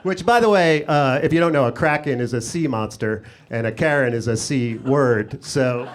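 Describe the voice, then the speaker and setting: A man doing a stand-up comedy set on a club stage with a handheld mic, sarcastic, his pitch jumping up for punchlines and acted-out voices. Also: moderate pace, a crowd in the background. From United States. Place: comedy club stage before a laughing audience.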